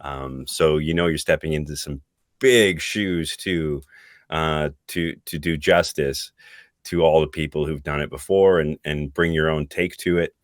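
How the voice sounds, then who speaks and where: A middle-aged man with a very low voice talks through a casual podcast interview. His speech is reflective and unhurried, and he keeps pausing to find the right words. The sound is dry and close, with no room echo. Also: steady tone. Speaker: voice actor guest.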